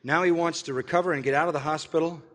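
An older man preaching a sermon, telling a personal story in an earnest way and slowly spelling words out letter by letter. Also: a little high, fairly even intonation, fairly bright tone, big-room sound. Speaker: pastor.

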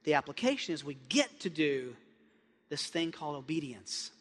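A male pastor preaching a sermon with passion, dropping to hushed tones and then building up loud. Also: fairly high pitch, very animated, moderate pace. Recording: long hall reverb.

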